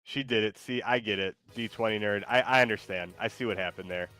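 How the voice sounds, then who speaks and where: A man's voice: on the low side, brisk, pushed and bright, smooth. A man streaming a game and chatting casually, rambling with lots of likes and false starts. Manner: rambling, full of likes and restarts. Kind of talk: casual chat while gaming.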